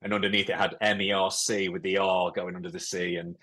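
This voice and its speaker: A man's voice: sits low, little pitch movement, fairly quick, sharp tone. A man from England, a former footballer guesting on a podcast, telling rambling anecdotes in casual chat.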